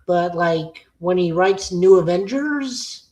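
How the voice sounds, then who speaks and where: A woman's voice: on the low side, animated, takes it slowly, darkish tone, rough recording. A woman co-hosting a podcast, giving opinionated casual takes with lots of fillers. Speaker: podcast co-host. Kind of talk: casual chat reviewing comics.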